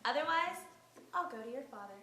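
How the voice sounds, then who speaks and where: An actress playing a bold, defiant young barmaid in a school stage play, speaking sharp and confrontational. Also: female voice, high-pitched, expressive, fairly quick. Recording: echoey stage from far off with faint noise.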